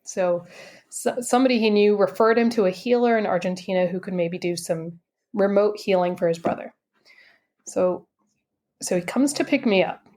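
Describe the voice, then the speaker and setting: A woman's voice: mid-range voice, moderate pace, a little mellow. A woman guest who works as an intuitive coach tells a story in a casual, chatty way. She acts out the dialogue with shifts in her voice and fills her speech with "like" asides. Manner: chatty, many "like" and "I'm like" asides.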